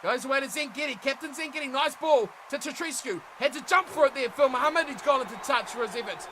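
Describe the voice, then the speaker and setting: A young man giving animated play-by-play commentary on a rugby management game, shouting at big plays and chatting to viewers. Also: extremely high pitch, fast, slight background noise, poor audio. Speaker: gaming commentator.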